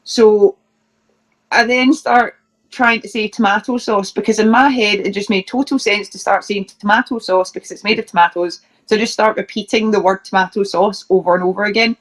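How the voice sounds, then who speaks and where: A woman's voice: mid-range voice, steady tone, a little fast. A Scottish woman, a professional wrestler, chatting as an interview guest and telling funny stories with plenty of laughs. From Scotland. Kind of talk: casual anecdote telling.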